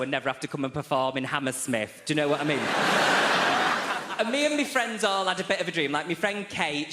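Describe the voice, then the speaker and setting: A man from England tells stand-up stories in a bright, lively voice that sits a little high. He is chatty and camp, teasing the crowd, and his handheld mic rings through an echoey theatre. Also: a little hiss or hum. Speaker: stand-up comedian. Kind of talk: stand-up routine. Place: large theatre stage.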